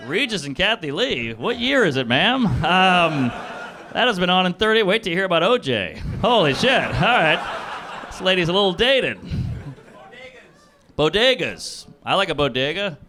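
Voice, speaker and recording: A man's voice: sits high, big pitch swings, normal speed, bright, forceful tone, slight background noise. A man doing improvised stand-up comedy in a club, riffing crudely at speed and chuckling at his own jokes. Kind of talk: improvised stand-up off audience suggestions. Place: comedy club stage before a live audience.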